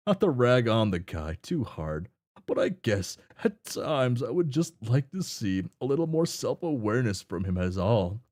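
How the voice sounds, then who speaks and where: A man's voice: medium pitch, very animated, normal speed, darkish tone, voice pushed down, close to an everyday voice. A man voicing a cheerful, clueless young man who talks in folksy old-fashioned slang while reading a webcomic aloud. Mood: chummy. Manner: folksy, upbeat, oblivious.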